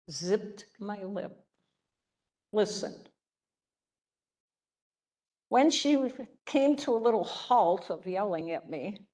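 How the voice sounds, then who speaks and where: An older religious sister teaches a class through stories, gentle and chatty, frequently checking in with her listeners. Her voice is mid-range, and the talk is a storytelling lecture.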